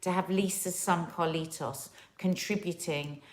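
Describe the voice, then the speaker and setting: A woman's voice: lowish voice, fairly even intonation, unhurried. A woman co-hosting a family channel's live stream, chatting casually and running through channel plans. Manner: chatty, drifting into put-on accents and bursts of song. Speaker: co-host of a family YouTube channel.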